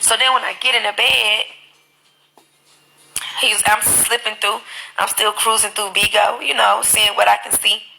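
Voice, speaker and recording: Animated gravelly-voiced woman streamer. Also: medium pitch, unhurried, long pauses, soft background music, rough recording. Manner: animated, profane storytelling. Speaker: live streamer. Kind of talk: casual live-stream chat.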